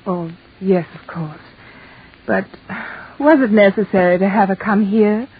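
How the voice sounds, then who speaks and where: An actress playing a poised, teasing upper-class wife in an old radio play. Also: female voice, mid-range voice, unhurried, slightly rough. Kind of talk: 1930s radio drama acting. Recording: thin tinny old radio recording.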